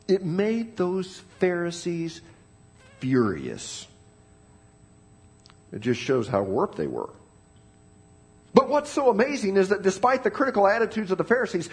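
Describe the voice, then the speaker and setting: Animated preaching man, dramatic swings. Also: a little high. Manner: dramatic storytelling, swings between loud emphasis and hushed tones. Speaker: pastor. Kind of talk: sermon. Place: church sanctuary.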